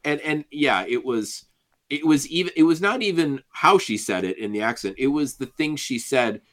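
A man's voice: mid-range voice, lively intonation, moderate pace, fairly bright tone. A man co-hosting a podcast in casual discussion, joking and laughing often. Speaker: podcast co-host.

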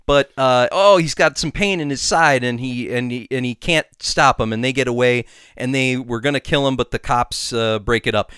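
A man co-hosting a podcast, rushing through a plot recap with many fillers and restarts and quick character voices. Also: medium pitch, a bit bright, smooth, no echo, studio quality. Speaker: podcast co-host. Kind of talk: casual podcast chat, rushed plot recap.

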